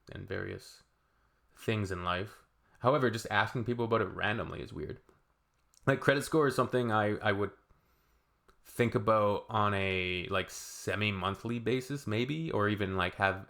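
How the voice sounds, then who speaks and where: A man from Canada giving casual reaction commentary, rambling with halting restarts and blunt asides. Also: on the low side, creaky, a bit bright. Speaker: reaction video creator.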